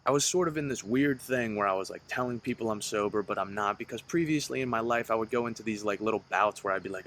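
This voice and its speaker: A man's voice: on the low side, fast, few pauses, a bit bright, a little hiss or hum. A man in his twenties telling his own story on a solo podcast in a loose, rambling way, swearing often. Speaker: podcast host. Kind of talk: casual storytelling monologue.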